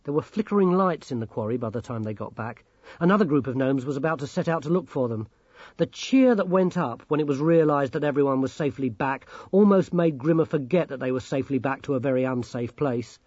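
Husky male audiobook narrator. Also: mid-range voice, no echo. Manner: measured, expressive reading. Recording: dull, dry recording.

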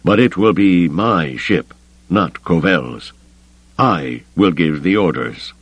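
A man voicing an unstable older male Jedi Master who speaks slowly and imperiously, in an audiobook reading. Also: low-pitched, expressive, no echo, dull audio. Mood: curt. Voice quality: slow, deliberate, commanding.

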